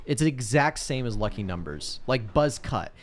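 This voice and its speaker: A man's voice: medium pitch, expressive, moderate pace. A man co-hosting a casual movie podcast, talking animatedly and acting out characters' lines. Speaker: podcast co-host.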